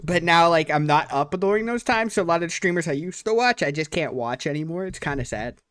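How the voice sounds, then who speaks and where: A woman's voice: lowish voice, lively intonation, brisk. A woman hosting a casual live stream chat, laughing often between questions. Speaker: stream host.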